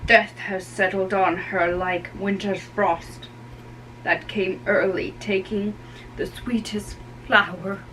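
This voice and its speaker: A young performer reading the part of a grieving older nobleman, forcing the voice deep and mournful in a play recorded from a distance. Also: little pitch movement, sharp tone, a little hiss or hum. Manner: slow, mournful, heavy.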